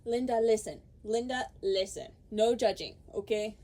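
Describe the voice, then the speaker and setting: A woman's voice: a little high, moderate pace, dark tone. A young woman podcaster ranting in casual chat, swearing freely, laughing and quoting people in put-on voices.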